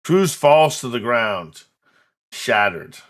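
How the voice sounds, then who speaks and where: A man running a tabletop horror game, describing each moment at an unhurried, measured pace. His voice has a bright, forward edge. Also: mid-range voice, lively intonation. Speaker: game master.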